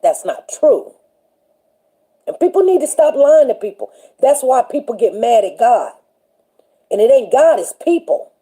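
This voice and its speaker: Woman, livestream host, casual faith chat, animated and chatty, high voice. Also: a little slow, pauses often, breathy edge. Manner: animated, chatty, laughs often, greets viewers by name.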